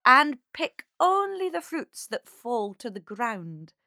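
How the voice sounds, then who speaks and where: A woman's voice: a little high, big pitch swings, takes it slowly, sharp tone, dry recording, clean studio sound, voice pushed up, exaggerated voice. A woman voicing a kindly, firm man who embodies autumn in a storybook.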